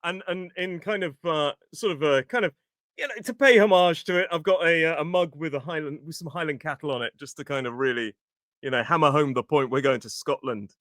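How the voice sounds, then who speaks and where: A British man hosting an English-learning podcast, chatting casually and explaining vocabulary clearly. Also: fairly high pitch, fairly quick, fairly bright tone, no room sound, studio quality. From England. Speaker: podcast host and English teacher. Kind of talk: casual educational podcast chat.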